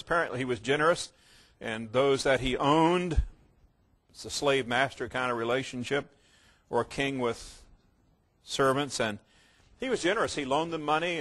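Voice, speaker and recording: Man preaching with a slightly high voice. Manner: storytelling, swings from quiet reflection to loud emphasis. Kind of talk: sermon.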